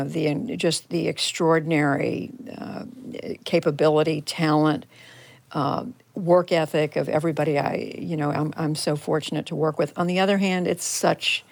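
An older woman journalist speaks in a low voice, recounting her experiences reflectively and piecing sentences together as she goes. Her voice sounds dry and close to the mic. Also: creaky, no echo. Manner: reflective, recounting in detail with frequent restarts. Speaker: journalist guest. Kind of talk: radio interview recollection. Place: converted home TV studio.

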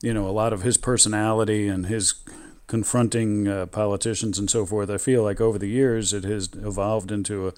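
Reflective man with a lowish voice. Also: flat delivery, a little mellow, smooth. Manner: measured and reflective, with many restarts. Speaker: former radio station manager, guest. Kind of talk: reminiscing radio interview.

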